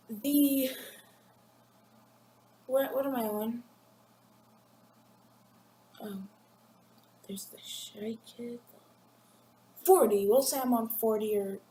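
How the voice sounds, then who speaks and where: Teen girl vlogger, slow rambling chat, high-ish voice, room echo and faint background hum. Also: dark tone. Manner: rambling, giggly, acts out classmates in quick voices. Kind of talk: casual chat to camera. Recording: echoey room with faint ambience.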